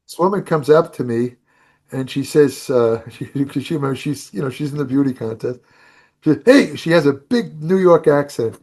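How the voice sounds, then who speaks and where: A man's voice: medium pitch, moderate pace, darkish tone. Older man telling rambling stories. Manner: rambling anecdotes with restarts and laughs. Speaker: guest, bodybuilding writer. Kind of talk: casual storytelling on a podcast.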